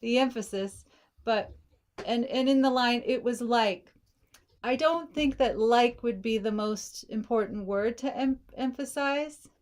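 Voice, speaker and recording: A woman's voice: fairly high pitch, a little slow, darkish tone. A woman coaching a songwriter, thinking aloud and singing lyric lines to show phrasing, with a slight frog in her throat. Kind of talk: casual feedback session.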